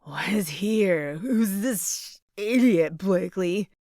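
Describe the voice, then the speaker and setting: A woman's voice: medium pitch, expressive, no room sound. A woman plays a hammered, belligerent man, slurring and dragging his words as he barks them out. The audiobook reading is close and dry. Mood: drunken, belligerent. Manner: slurred, slow, shouting. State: drunk. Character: drunk angry man, slurring, belligerent ex-husband.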